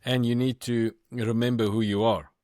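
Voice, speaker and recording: A man's voice: mid-range voice, little pitch movement, normal speed, darkish tone, no room sound, studio quality. A man hosting a podcast interview over a video call, asking searching, rephrased questions. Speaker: podcast host.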